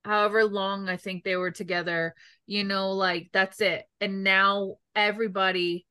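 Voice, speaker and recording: Woman co-host, excitable fan, rambling gush, bright and forceful tone. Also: medium pitch, normal speed, clear, resonant tone, dry recording, studio quality. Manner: gushing, rambling, lots of 'like'. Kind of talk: casual fan chat.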